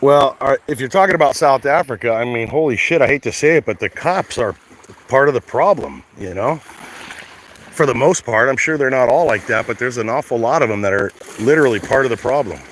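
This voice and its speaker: A man's voice: medium pitch, lively intonation, a little fast, fairly bright tone, a little hiss or hum, low-quality recording. An American man ranting casually and bluntly while out at the shore, swearing a lot and rambling between thoughts. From United States. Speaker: vlogger. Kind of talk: casual outdoor rant to camera. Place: outdoors at a shoreline at high tide.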